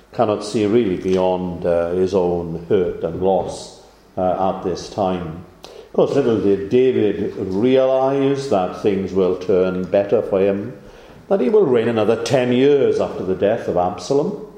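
A man preaching a sermon, measured and unhurried, pausing often with "uh" and lifting his voice for emphasis. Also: low-pitched, warm tone, echoey room. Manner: measured delivery with frequent "uh" pauses, rising for emphasis.

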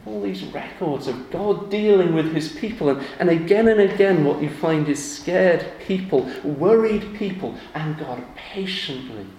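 A man's voice: a little high, a little slow, few pauses. Conversational male preacher in an echoey hall. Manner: conversational, animated when acting out examples. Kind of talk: sermon. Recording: echoey room with faint ambient noise.

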